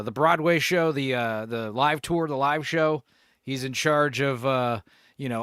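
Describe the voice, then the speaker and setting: A man in his forties hosting a podcast in casual chat, laughing, swearing and doing animated impressions. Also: on the high side, dry recording, studio quality. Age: 40s. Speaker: podcast host.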